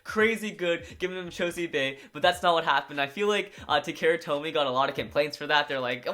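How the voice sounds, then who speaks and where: A man's voice: fairly high pitch, a little fast, few pauses, pushed and bright. A man casually recapping and reviewing an anime episode, rambling with lots of filler words.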